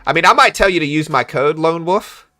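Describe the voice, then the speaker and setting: Young guy running a live trading stream, chatty and slangy, bright voice, faint music behind. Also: fairly high pitch, a little fast. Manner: chatty, slangy, reads chat aloud, animated when joking. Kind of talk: casual livestream chat.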